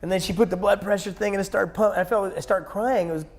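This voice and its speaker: A man with a notably high voice tells a personal story as a guest in a conversation. He rushes through it intensely and breaks into sudden loud outbursts. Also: fairly even intonation. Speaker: interview guest.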